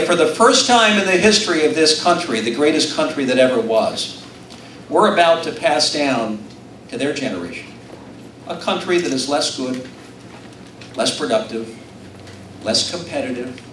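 A man's voice: a little high, a bit bright, far from the mic, slight background noise. A middle-aged man from Utah gives a rousing campaign speech to a live audience in an event room, mixing self-deprecating jokes with appeals. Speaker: political candidate. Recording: echoey room, recorded from afar.

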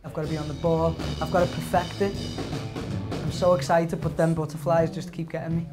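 A young man, an aspiring rapper, talking candidly and chattily to camera, nervous and excited. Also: on the high side, brisk, music in the background, low-quality recording. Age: young adult. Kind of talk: casual documentary talk to camera.

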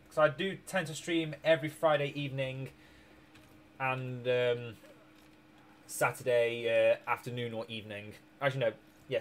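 Slight background noise accompanies a medium-pitched man casually narrating his strategy game stream. Weary and hiccuping, he drifts through his moves, restarting sentences, catching his own errors, and letting out little chuckles.

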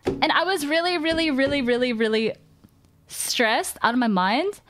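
A woman's voice: high voice, animated, normal speed, a bit bright. A young woman streamer telling a long, rambling personal story in casual chat, swearing often and restarting her sentences.

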